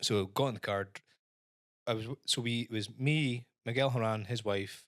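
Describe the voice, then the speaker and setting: Here the Scottish co-host's voice sounds medium-pitched and somewhat bright, moving at a moderate pace as he chats casually through a lengthy holiday tale. He swears and imitates others' voices, and the studio recording is clean with no echo.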